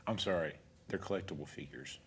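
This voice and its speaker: A man's voice: low-pitched, brisk, a bit bright, husky. A man hosting a talk show, asking teasing questions in casual chat. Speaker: host.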